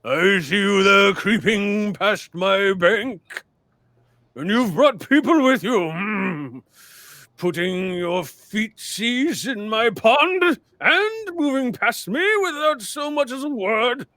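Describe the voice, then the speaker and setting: A man doing a booming old mountain spirit. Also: lively intonation, sharp tone, dry recording, full character voice. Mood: scolding. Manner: slow, drawn-out, thundering demands.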